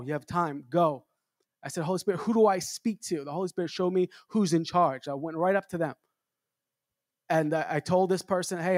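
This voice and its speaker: High-voiced man preaching casually. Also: dry recording, clean studio sound. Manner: conversational preaching with repeated amens. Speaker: traveling minister. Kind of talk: sermon.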